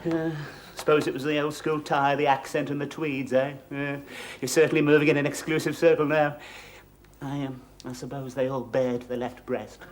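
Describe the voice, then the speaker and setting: Man acting as a blustering stingy landlord, stammering and wheedling, fairly high voice, hissy old TV audio. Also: little pitch movement, moderate pace, close to an everyday voice. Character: miserly, nosy, scheming middle-aged male landlord. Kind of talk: 1970s studio sitcom acting. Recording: noisy old TV soundtrack.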